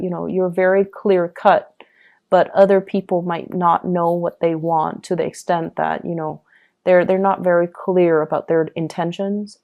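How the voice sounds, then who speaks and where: A woman's voice: fairly low pitch, warm tone. A woman giving a casual pick-a-card tarot reading, talking loosely with fillers and frequent "okay?" check-ins. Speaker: tarot reader.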